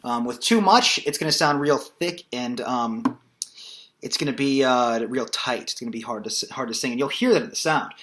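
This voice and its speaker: A man giving a casual singing lesson as a voice teacher, explaining in a loose, relaxed way with plenty of fillers. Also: medium pitch, normal speed.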